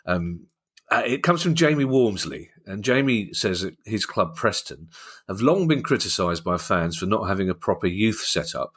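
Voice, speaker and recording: A man's voice: on the low side, lively intonation, moderate pace, a bit bright, husky. A man with a South London accent, co-hosting a podcast in casual, joking chat full of anecdotes and restarts. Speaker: podcast co-host.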